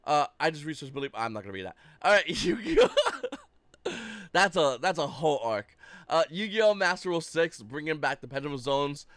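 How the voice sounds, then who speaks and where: A man's voice: on the high side, sing-song, fairly quick, fairly bright tone, no echo. A man giving casual ranting commentary as a YouTube card-game host, blunt and profane.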